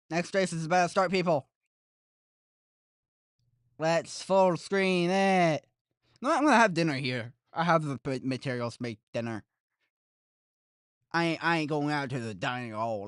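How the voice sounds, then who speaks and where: A young adult streamer in casual live commentary. The voice swings widely in pitch, and the delivery is unhurried and jokey. The recording is dry and close. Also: smooth, no echo. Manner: excitable, chatty, jokey, addresses viewers as guys. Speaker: streamer reacting to esports races.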